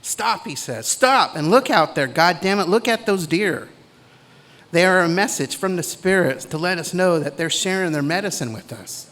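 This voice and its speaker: A middle-aged man giving a commencement speech in a measured, deliberate way, with pauses between phrases. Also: high-pitched, expressive, a bit bright. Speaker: commencement speaker.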